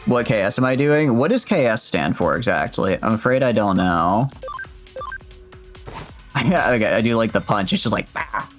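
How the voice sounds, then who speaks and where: A man's voice: lowish voice, lively intonation, moderate pace, pauses often, faint music behind. A man casually commenting on a video game as he plays, rambling, interrupting himself and reading the game's dialogue aloud. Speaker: streamer. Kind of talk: casual let's-play commentary.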